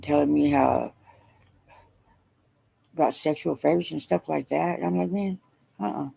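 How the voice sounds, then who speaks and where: A middle-aged woman speaking haltingly and wearily in a personal video diary, emotional as she talks. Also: low voice, fairly even intonation, gravelly, dark tone, husky. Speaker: vlogger.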